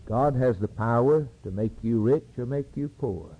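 Male preacher, dramatic sermon, slow and husky. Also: medium pitch, phone-quality sound.

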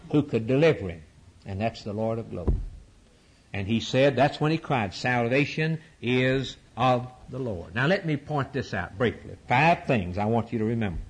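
A man preaching a sermon to his congregation, fervent and repetitive, with sweeping rises and drops in his voice. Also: breathy edge. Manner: fervent preaching with repetition and dramatic pitch swings.

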